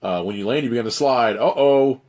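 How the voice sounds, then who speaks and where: A man with a fairly low voice reads an adventure gamebook aloud for a live audience. His narration keeps breaking into wry, irreverent asides and offhand swearing. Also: fast talker. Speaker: livestream host reading an adventure gamebook. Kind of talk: reading aloud with joking asides.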